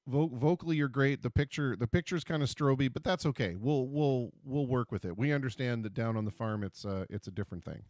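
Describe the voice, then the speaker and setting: A man's voice: medium pitch, brisk, few pauses, a little mellow, no echo, clean studio sound. A man hosting a casual livestream, talking at his computer with jokey, self-deprecating asides and puns. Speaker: livestream host.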